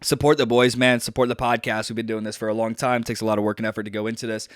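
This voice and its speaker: A man's voice: on the low side, little pitch movement, racing, no echo, clean studio sound. A young man co-hosting a podcast, chatting casually in a rambling, joking way with lots of fillers. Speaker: podcast co-host. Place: at home on a video call.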